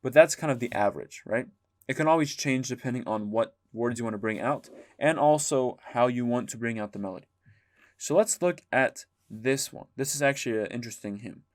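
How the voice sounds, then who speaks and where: A man teaching a music lesson, explaining calmly and singing short chanted examples. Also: medium pitch, brisk. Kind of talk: spoken lesson with sung demonstrations.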